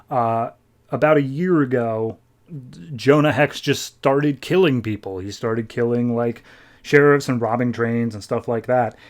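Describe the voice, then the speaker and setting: A man hosting a podcast, casually recapping a comic issue and paraphrasing the characters in quick, chatty asides. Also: medium pitch, a little mellow. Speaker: podcast host.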